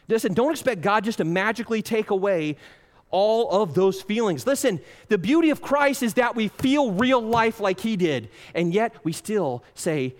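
A man preaching a sermon as pastor, passionate, swinging between loud pleading and hushed intensity. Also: high-pitched, lively intonation, moderate pace, long reverb tail.

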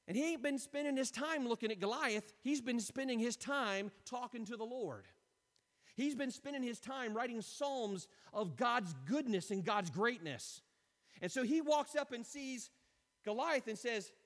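Impassioned high-pitched male preacher. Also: normal speed, in a large hall. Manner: impassioned, emphatic preaching with sudden drops to quiet. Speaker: pastor. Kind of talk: sermon.

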